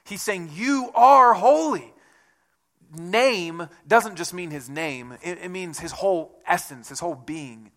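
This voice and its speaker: A man's voice: fairly high pitch, a little slow, few pauses, a bit bright. A male pastor preaching a sermon in a conversational way, often repeating words and rising into emphatic bursts.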